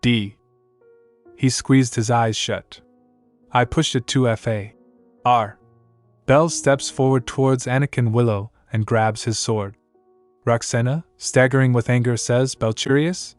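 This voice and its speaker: A man narrating a manhwa recap, reading the story and the characters' lines in one steady voice. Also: medium pitch, slow pace, pauses often, dry recording, soft background music.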